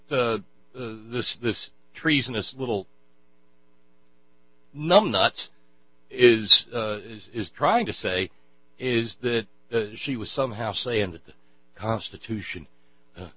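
A man's voice: breathy edge, no echo. A man hosting a political talk show, giving mocking, scornful commentary over played clips. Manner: mocking, scornful, shouts in falsetto mockery. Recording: dull lo-fi audio with mains hum.

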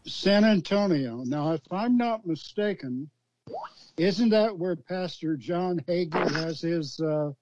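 High-voiced sarcastic man on a dull line. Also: animated. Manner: sarcastic, joking, halting. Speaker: caller. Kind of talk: casual chat. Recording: dull line with faint noise.

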